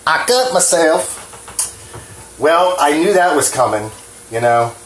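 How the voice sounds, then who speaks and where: A man's voice: on the high side, lively intonation, slow pace, a bit bright, a little hiss or hum. Rambling, cussing man from New Jersey. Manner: rambling, frank and profane, self-deprecating. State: hands shaking. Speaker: home cooking vlogger. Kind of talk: casual rambling cooking talk. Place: home kitchen. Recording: echoey kitchen with faint clatter.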